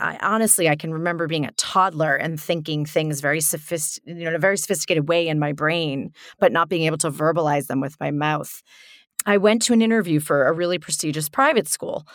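Chatty low-voiced woman podcast host. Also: no echo, clean studio sound. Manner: chatty, laughs often, restarts sentences. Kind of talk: casual conversational storytelling.

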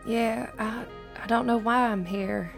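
A woman playing a tabletop game, speaking hesitantly with many pauses. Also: a little high, fairly even intonation, creaky, over music. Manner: hesitant, halting, full of pauses. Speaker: player. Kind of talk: tabletop role-play.

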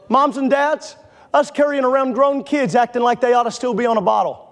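Man, pastor, very high voice, fervent sermon, rises to shouting, drawn-out emphasis. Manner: impassioned, builds to shouting, stretches key phrases. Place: church sanctuary before a congregation.

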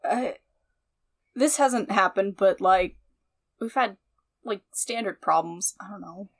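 A woman in a tabletop game speaks in character with slow, halting phrases. Her voice has a gravelly fry and stays soft and uncertain. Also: mid-range voice. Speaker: player.

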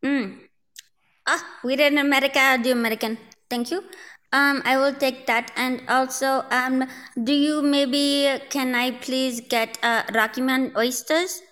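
A woman's voice: sits high, steady tone, a little slow, a bit bright. A woman co-hosting a radio show, playfully prank calling a restaurant. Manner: playful, giggly prank caller. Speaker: radio co-host. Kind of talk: prank-call radio banter.

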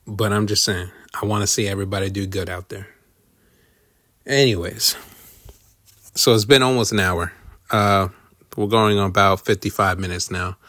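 A man's voice: on the low side, fairly even intonation, moderate pace, pauses often, fairly bright tone, no echo, studio quality. A man hosting a solo podcast, rambling casually with lots of swearing and self-deprecating asides. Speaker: podcast host.

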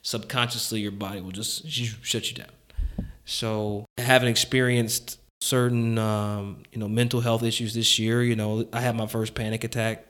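A man's voice: on the low side, flat delivery, moderate pace, a bit bright. A man hosting a casual chat, telling a personal story candidly with lots of "like" fillers and frequent chuckles.

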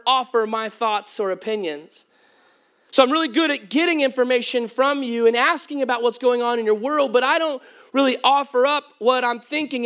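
A man preaching a sermon as pastor, telling humorous stories to his congregation. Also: extremely high pitch. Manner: humorous, animated storytelling to a congregation. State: voice cracking at times.

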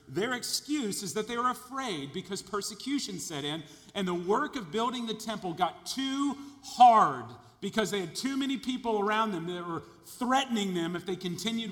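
A man preaching a sermon, emphatic and building to loud peaks, often repeating his words. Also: high voice, lively intonation, normal speed, hardly any pauses, in a large hall. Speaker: pastor.

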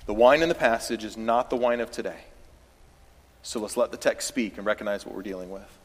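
In a church hall with long reverb, a pastor from the American South preaches with a lowish voice at a brisk pace. His talk stays conversational until it swells into emphatic bursts in the sanctuary.

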